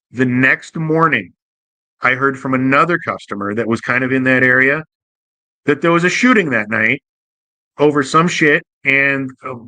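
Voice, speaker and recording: Guy with a bright dry voice telling old cab stories, swears a lot, keeps restarting. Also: mid-range voice, dry recording. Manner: loose, profane, conversational with frequent restarts. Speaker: podcast host, former cab driver. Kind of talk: casual storytelling monologue. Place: Portland area.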